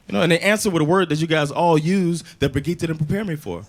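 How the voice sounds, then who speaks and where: Animated stand-up comic man on stage. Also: high-pitched, quick pace, hardly any pauses. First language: English. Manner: animated storytelling, mixing in Swedish phrases, big voiced impressions. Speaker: stand-up comedian. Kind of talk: stand-up comedy set. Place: comedy club stage before a live audience. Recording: live club recording with audience laughter and noise.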